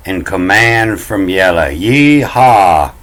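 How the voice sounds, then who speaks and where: A man with a low voice talks slowly and loosely. He circles back over his words, restarts phrases and keeps dropping folksy "you know"s as he explains. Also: rough recording. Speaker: self-taught bible language commentator. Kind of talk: casual rambling explainer talk.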